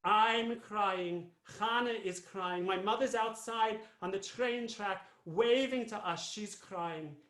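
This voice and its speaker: A man's voice: high voice, slow pace, hardly any pauses, fairly bright tone. A man playing an elderly Jewish immigrant grandmother, a fussy, rambling storyteller who keeps repeating herself. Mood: tearful recalling. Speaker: cantor. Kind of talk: live character monologue. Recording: roomy echo.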